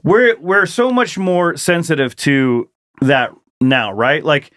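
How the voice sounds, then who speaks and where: A middle-aged man co-hosting a podcast in loose, casual chat. His voice sits a little high for a man, and it sounds dry and close with no room around it. He rambles and swears freely. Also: slow pace, a bit bright, no echo. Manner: rambling, swears freely, reads listener emails aloud. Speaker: podcast co-host.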